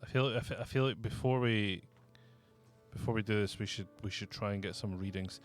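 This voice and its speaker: A man's voice: on the low side, brisk, soft background music. A man playing a tabletop game, hesitant and repeating words while he works out a plan. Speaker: player. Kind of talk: casual tabletop game chat.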